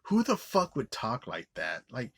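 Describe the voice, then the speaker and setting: A man's voice: medium pitch, wildly swooping pitch, measured pace, vocal fry, a bit bright, slightly rough. A man giving a profane, rambling movie review, scornful and full of "like" fillers and restarts. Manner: swears often, scornful.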